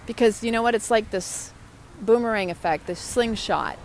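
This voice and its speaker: A woman's voice: fairly high pitch, normal speed, a little hiss or hum. A woman talking to her viewers in a motivational vlog, upbeat and chatty. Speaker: vlogger. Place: outdoors.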